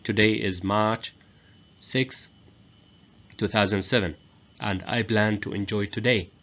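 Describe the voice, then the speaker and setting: A man whose first language is Arabic, giving a grammar lesson as a teacher, explaining slowly and repeating each example. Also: on the low side, fairly even intonation, a bit bright. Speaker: English teacher. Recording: dull lo-fi recording.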